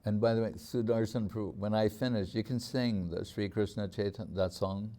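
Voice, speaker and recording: Mellow-voiced man giving a devotional talk. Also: lowish voice, fairly even intonation. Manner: reflective storytelling, slowing on key words, chuckling. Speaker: spiritual teacher.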